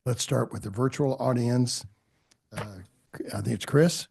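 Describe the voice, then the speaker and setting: A man runs a formal public hearing from a meeting room, polite and a little halting as he swears people in. His voice is mellow and dark with a gravelly creak. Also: medium pitch. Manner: courteous, halting with fillers. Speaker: board chair.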